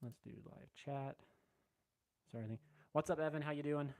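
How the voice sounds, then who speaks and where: A man hosting a casual live stream, greeting chat viewers by name and rambling in a relaxed way from a room at home. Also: on the high side, brisk. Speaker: livestream host. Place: room at home with window open.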